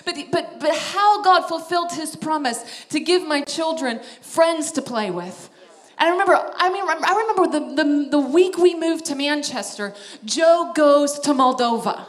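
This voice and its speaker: A woman in her thirties sharing a personal faith story, animated and laughing often, then going soft and emotional. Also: sits high. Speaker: missionary speaker. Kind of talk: personal testimony talk.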